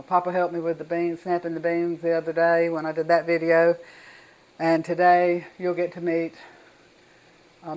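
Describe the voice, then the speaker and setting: A woman's voice: lowish voice, rough recording. Older woman, Southern US accent, folksy and chatty, home kitchen cooking demo. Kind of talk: casual cooking demonstration.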